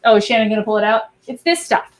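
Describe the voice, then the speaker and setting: A woman's voice: a little high, animated, rapid-fire, a little hiss or hum. A woman guest chatting casually and bubbly, answering viewer questions about cosplay. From Albuquerque. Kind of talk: casual chat.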